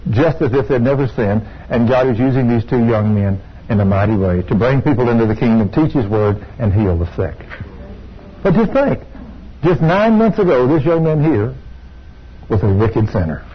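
An older man preaching a sermon and telling a healing story, with excited outbursts of praise. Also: mid-range voice, moderate pace, slightly rough. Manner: storytelling, rising to excited exclamations. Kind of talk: sermon with testimony. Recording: dull lo-fi sound.

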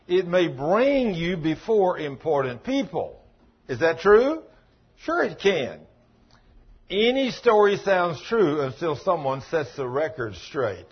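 A man's voice: fairly high pitch, very animated, a little slow, husky, muffled recording. A man preaching a sermon in a folksy, emphatic way, telling stories and acting out the dialogue. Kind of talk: sermon with storytelling.

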